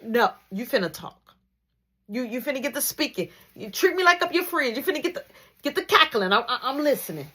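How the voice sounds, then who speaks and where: A tough, no-nonsense mother, as a woman puts her on, laying out slow, menacing warnings in a somewhat high voice. She drags out every threat and drops to a hush when she means it most. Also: very animated, breathy edge, exaggerated voice. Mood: scolding.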